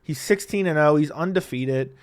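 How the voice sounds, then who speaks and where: A man casually breaking down fight predictions, blunt and profane, laughing often and swinging between loud bursts and quiet asides. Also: fairly high pitch, normal speed. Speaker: MMA predictions commentator.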